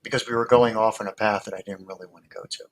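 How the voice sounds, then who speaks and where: A man's voice: on the low side, fairly even intonation, racing, low-quality recording. A man, a hypnotist guest, explaining his methods in casual talk with many fillers and restarts, heard over a video call.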